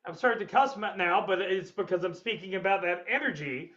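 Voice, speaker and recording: A man with a high-pitched voice leads a sales seminar. He is energetic and blunt and swears freely. The audio is dull and lo-fi. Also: brisk. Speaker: sales trainer. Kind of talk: webinar seminar lecture.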